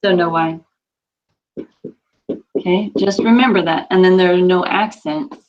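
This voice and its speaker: A woman's voice: on the low side, unhurried, highs cut off. A woman teaching a Spanish class, patiently quizzing students and repeating their answers.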